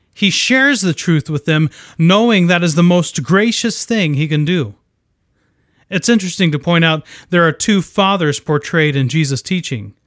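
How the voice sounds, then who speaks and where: Man, fairly high voice, dry close sound; measured earnest Bible teaching read from a script. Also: no room sound.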